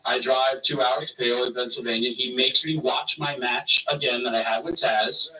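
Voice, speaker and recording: A man spins animated stories in a casual chat, switching into the voices of the people he quotes. His voice is very bright and forceful. He sits a little back from the mic, with a faint hiss underneath. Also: mid-range voice, normal speed, far from the mic, rough recording. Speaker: wrestler telling stories on a stream. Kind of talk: casual storytelling.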